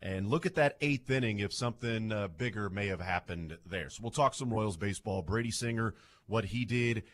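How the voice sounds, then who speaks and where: A man's voice: medium pitch, a bit bright. A man hosting a sports radio show, chatty and playful as he jokes with his co-hosts. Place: radio studio.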